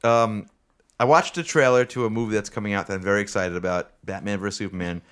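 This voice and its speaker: A man's voice: lowish voice, fairly even intonation, quick pace, fairly bright tone, smooth. A man co-hosting a podcast, chatting casually with friends and often restarting his sentences. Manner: hesitant, stammering restarts. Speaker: podcast co-host. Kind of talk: casual chat.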